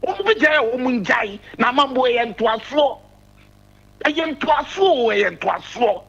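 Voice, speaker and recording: A man's voice: very high voice, lively intonation, normal speed, fairly bright tone, breathy edge, highs cut off. A man calling in to a radio show, talking politics emphatically and repeating his points. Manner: emphatic, repeats key phrases. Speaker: caller. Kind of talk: political call-in commentary.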